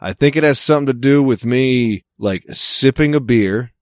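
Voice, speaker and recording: A man's voice: medium pitch, moderate pace, no room sound. A man co-hosting a podcast in casual chat, laid-back and dry, swearing freely. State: clearing throat with hiccups. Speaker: podcast co-host.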